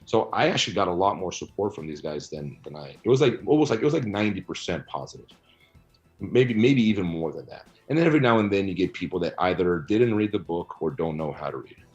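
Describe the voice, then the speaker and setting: A man's voice: low-pitched, expressive, fast talker, dull audio, faint music behind. A man interviewed about his book, answering bluntly and argumentatively, often tagging his points with "right?" and "you know". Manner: blunt, argumentative, rhetorical asides.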